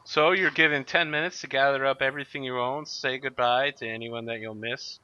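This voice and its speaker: A man narrating a tabletop game as game master, briskly and playfully, in a muffled lo-fi recording. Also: mid-range voice, fairly even intonation, pushed and bright, a little hiss or hum.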